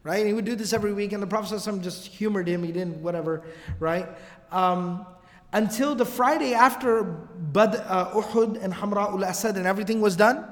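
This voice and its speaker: Fast, high-voiced male lecturer. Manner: animated storytelling with casual slang asides. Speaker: religious teacher. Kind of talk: casual religious lecture. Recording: long hall reverb.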